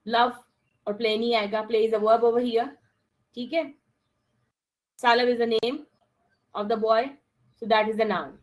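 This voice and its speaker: A woman's voice: a little high, poor audio. A woman teaching an online class, mixing with Hindi-Urdu phrases and speaking as she addresses her students directly. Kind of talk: online English lesson.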